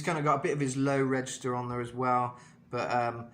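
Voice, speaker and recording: A man's voice: medium pitch, level tone, fairly quick, fairly bright tone. A man giving a casual vocal lesson in a chatty way, full of fillers and asides. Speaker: vocal coach.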